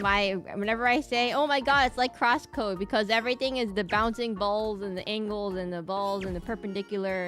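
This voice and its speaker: A woman's voice: fairly high pitch, fairly bright tone. A woman VTuber streaming a game, rambling in casual chat with lots of laughs and self-interruptions.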